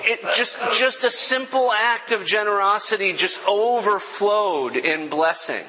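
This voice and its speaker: Bright, earnest man preaching a testimony. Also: high-pitched, a little slow, in a large hall, slight background noise, low-quality recording. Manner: earnest, self-deprecating, chokes up with emotion. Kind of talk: sermon testimony.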